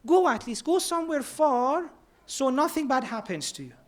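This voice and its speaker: A man's voice: very high-pitched, sing-song, normal speed. Earnest man preaching. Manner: earnest, mixes Persian words into English. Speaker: speaker at a religious centre. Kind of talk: sermon.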